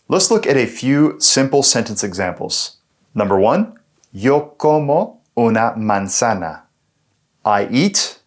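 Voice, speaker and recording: A male teacher walks through a language lesson at an unhurried pace, breaking each example into parts. His pitch rises and falls a lot as he explains, keeping the delivery lively. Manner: patient, step-by-step explaining. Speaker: Spanish teacher.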